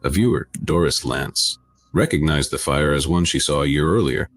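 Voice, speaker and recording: A man reading a scripted true-crime narration in a flat, even retelling. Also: extremely low pitch, normal speed, dry recording. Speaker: video narrator.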